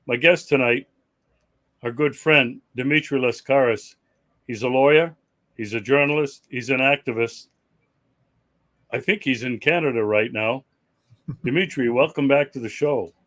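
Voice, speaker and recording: A man's voice: medium pitch, a little slow, pauses often, a bit bright. A man hosting an interview show, friendly and loose, often restarting sentences. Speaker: show host. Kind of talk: interview host chat.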